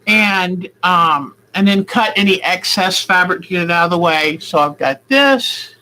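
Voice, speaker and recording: A woman's voice: medium pitch, bright, forceful tone, poor audio. A woman at home showing her quilting work in a casual, rambling way, thinking aloud as she goes. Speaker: quilting vlogger. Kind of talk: casual craft demonstration.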